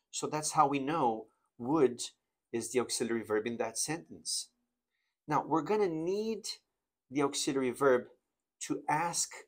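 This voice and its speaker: A man teaching an English grammar lesson, explaining slowly and reading example sentences with exaggerated intonation. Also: mid-range voice.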